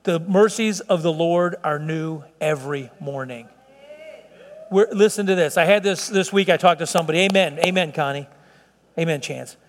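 High-voiced preaching man in a reverberant hall. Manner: preaching with slowed, stretched emphasis and rising intensity. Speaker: pastor. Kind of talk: sermon.

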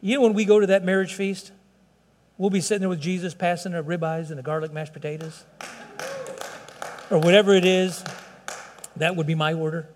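A pastor with a high voice delivers an earnest, pleading sermon, stumbling and restarting his phrases as he goes. His voice rings out in a church sanctuary, carried by a long reverb. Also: steady tone, a little fast, pauses often.

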